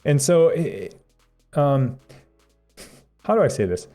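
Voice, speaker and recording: A man's voice: on the high side, sing-song, slow, dark tone, faint music behind. A man chatting casually on a tech live stream, rambling and chuckling as he reads viewer comments aloud.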